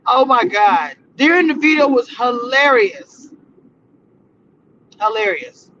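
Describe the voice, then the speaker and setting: A woman hosting a casual livestream about a reality show, talking in animated slang and laughing often. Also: on the high side, slow, slight background noise. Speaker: entertainment reality-show review host. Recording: slightly muffled livestream audio.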